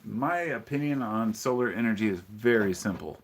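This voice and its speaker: A man's voice: lowish voice, lively intonation, normal speed, slight background noise. A man hosting a casual live-stream podcast, rambling and opinionated as he greets viewers and answers their chat messages. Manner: opinionated, frequent ums and restarts.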